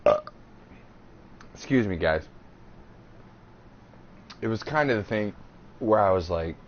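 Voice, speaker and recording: A man's voice: lowish voice, lively intonation, slow pace, pauses often. A man in his thirties co-hosting a podcast, telling a crude, rambling story in casual chat. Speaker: podcast co-host. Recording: slightly dull podcast audio with faint hiss.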